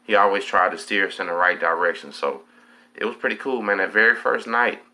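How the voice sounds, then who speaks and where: A man with a Texas drawl spins a long, loose story in street slang, swearing freely and tagging nearly every line with "man." His voice sits very low, yet its tone comes through bright and forceful. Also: brisk. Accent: Southern US, Texas. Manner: streetwise slang, profane, fills lines with "man". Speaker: host, storyteller. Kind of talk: casual storytelling monologue.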